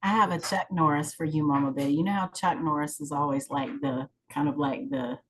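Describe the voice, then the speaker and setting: A woman's voice: deep voice, fairly even intonation, brisk, low-quality recording. A woman at an online open mic offering playful, joking compliments.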